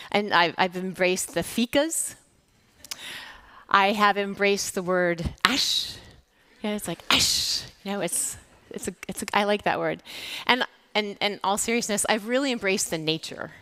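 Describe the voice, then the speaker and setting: A woman with an American accent speaks as a keynote speaker at a summit. Her voice is bright and clear at a middle pitch, and she talks in a chatty way, telling anecdotes with fillers and restarts. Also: measured pace. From United States. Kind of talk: conference talk. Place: stage at a summit.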